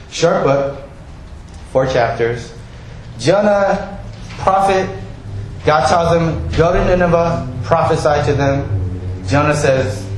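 Male preacher, animated sermon, very echoey hall, faint room noise. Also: medium pitch. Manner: animated storytelling, acts out quoted voices.

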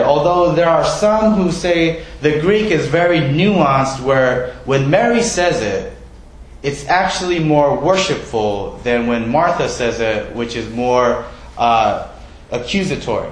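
Preaching slowly in a slightly high voice, this pastor keeps things conversational, poking fun at himself and asking the congregation questions. The recording is low quality and full of reverb.

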